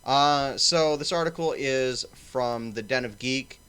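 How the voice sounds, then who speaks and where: A man's voice: medium pitch, slow, a bit bright, smooth. A man hosting a casual livestream panel, swearing and rambling with lots of fillers. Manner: profane, rambling, filler-heavy. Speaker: stream host.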